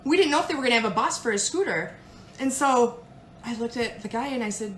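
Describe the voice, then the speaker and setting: Animated high-voiced woman telling a story. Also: quick pace, reverberant, slight background noise. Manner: animated, dramatic retelling with put-on quoted voices. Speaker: jewelry consultant. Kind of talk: casual storytelling.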